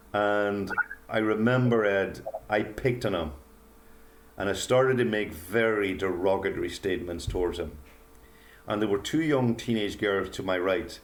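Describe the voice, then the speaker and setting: An older man, a guest author, telling a personal story in an earnest, halting way with many pauses and fillers. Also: fairly low pitch. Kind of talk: reflective storytelling interview.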